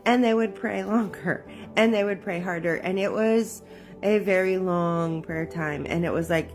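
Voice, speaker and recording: A woman telling her own story of fear and prayer in a candid, halting way, with many fillers and emotional pauses. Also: on the low side, a little mellow, faint music behind. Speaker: memoir narrator. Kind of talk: personal testimony, casual storytelling.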